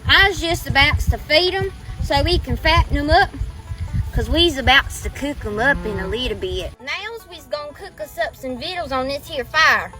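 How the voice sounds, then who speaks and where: A backwoods hillbilly woman, played by a woman, leads a comedy skit in a broad Southern drawl, hamming up every folksy line. Her voice sits high and bright. Faint music plays underneath. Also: normal speed. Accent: exaggerated Southern US drawl. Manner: folksy, hammy storyteller.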